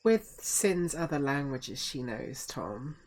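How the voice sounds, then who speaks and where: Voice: medium pitch, big pitch swings, slow pace. A tabletop game player asking questions hesitantly. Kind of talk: casual tabletop game chat.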